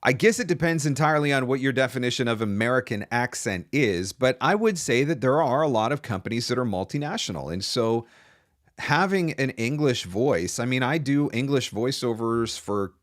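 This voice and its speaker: A man's voice: mid-range voice, animated, normal speed, no echo, studio quality. A man hosting a live-stream Q&A, giving casual voice-over business advice in a loose, chatty way with frequent restarts.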